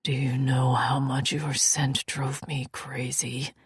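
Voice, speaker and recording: Woman doing a fierce alien warrior man for an audiobook, low husky rasp, slow and dry-miked. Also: flat delivery, no room sound, heavily acted. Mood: hungry. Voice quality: husky, whispered. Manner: low growling murmur. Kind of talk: audiobook narration.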